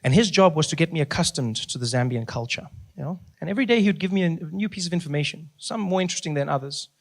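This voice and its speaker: A man's voice: on the high side, expressive, fast talker, creaky. A man from Africa, doing stand-up in a conversational, emphatic way. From South Africa. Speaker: stand-up comedian. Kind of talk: stand-up storytelling.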